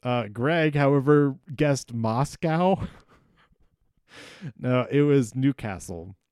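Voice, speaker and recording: A man's voice: medium pitch, expressive, takes it slowly, darkish tone, clean tone, no echo, clean studio sound. A man hosting a podcast, recapping an episode in casual solo talk, rambling and hesitant with many ums and restarts. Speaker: podcast host.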